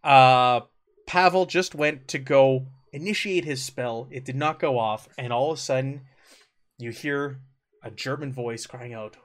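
A man's voice: mid-range voice, unhurried. A man running a tabletop game as game master, narrating casually with many fillers.

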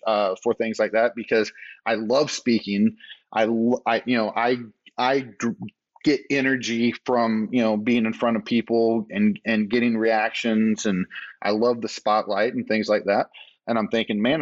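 A man's voice: on the low side, dry recording. A man, a podcast guest and business owner, telling a rambling, self-deprecating story full of fillers in a casual interview. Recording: slightly dull lo-fi sound.

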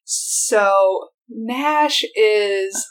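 A woman with a Southern American accent, a bride telling her wedding story as a podcast guest, soft-spoken and hesitant, with many fillers. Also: medium pitch, drawn-out words, rough recording. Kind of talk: casual storytelling.

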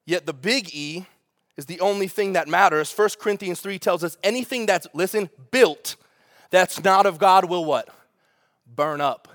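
A man preaching a sermon as pastor, in an animated, conversational way, asking the congregation rhetorical questions. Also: high-pitched, no echo, studio quality.

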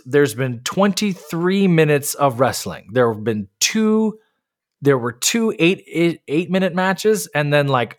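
A man co-hosting a casual podcast, talking in exasperated, ranting bursts. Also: on the high side. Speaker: podcast co-host. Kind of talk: casual chat.

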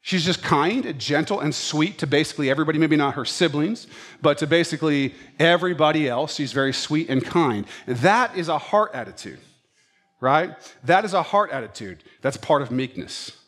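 A man preaching a sermon as a pastor, telling stories and acting out his pets' thoughts in an animated way. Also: a little high, moderate pace.

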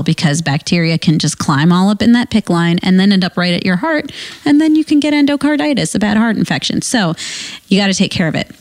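Lowish-voiced woman, nurse telling stories on a podcast, dry close sound. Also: dry recording. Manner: chatty, laughs often, animated storyteller. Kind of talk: casual chat and storytelling.

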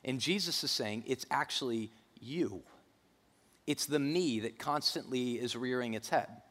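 A man's voice: medium pitch, moderate pace, a bit bright. Emphatic male pastor preaching in a hall. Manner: emphatic, repeats key phrases. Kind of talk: sermon.

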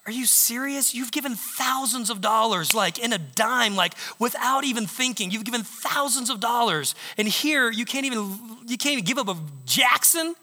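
A woman's voice: fairly high pitch, expressive, moderate pace, hardly any pauses, bright, forceful tone, pitched above the performer's own voice. Man putting on an exasperated, incredulous wife.

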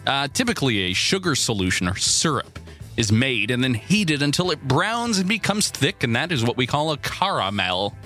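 A man's voice: medium pitch, very animated, normal speed, bright, forceful tone, faint music behind. A man co-hosting a morning show in casual chat, playful and teasing with rambling asides.

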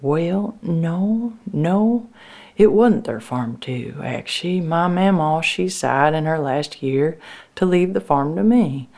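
A woman telling a first-person story in folksy rural dialect, with halting restarts. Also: sits low, creaky, darkish tone.

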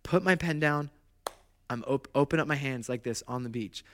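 A pastor in his thirties preaching a sermon in a conversational, animated storytelling way, with self-deprecating asides. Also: medium pitch, normal speed.

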